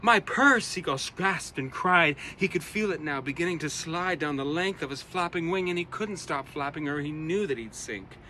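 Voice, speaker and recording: A man reading his own rhyming children's poem aloud, with an expressive, rhythmic delivery. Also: on the high side, fairly quick, few pauses, a little hiss or hum. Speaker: storyteller.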